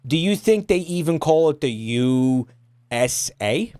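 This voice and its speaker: A man's voice: on the high side, animated, measured pace, mellow, dry recording. A man streaming and ranting at his chat, exasperated and swearing often. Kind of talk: casual stream rant.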